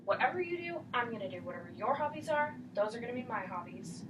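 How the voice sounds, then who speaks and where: A woman's voice: on the high side, expressive, fast, roomy sound, far from the mic, noisy background, close to an everyday voice. A woman voicing an eager young woman who pledges to follow her mother-in-law, in a bubbly, casual way. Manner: bubbly, valley-girl casual.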